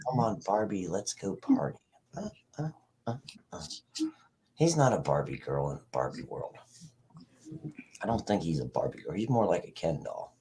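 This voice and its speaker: Male stream host, low husky voice, lively swings in pitch, profane rambling chat. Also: moderate pace, long pauses. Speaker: livestream host. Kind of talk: casual livestream chat.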